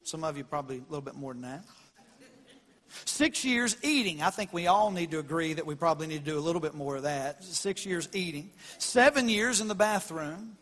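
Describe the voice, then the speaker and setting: Male pastor with a high voice, delivering an animated sermon with a long hall reverb behind him. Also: a little fast. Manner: animated preaching, swells loud on quoted scripture.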